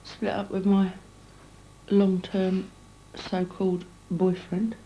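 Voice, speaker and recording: A blunt woman speaking openly in a documentary interview. Her voice is mellow and soft-edged, with faint noise in the background. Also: medium pitch, monotone, slow, poor audio. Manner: blunt, frank and profane. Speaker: documentary subject.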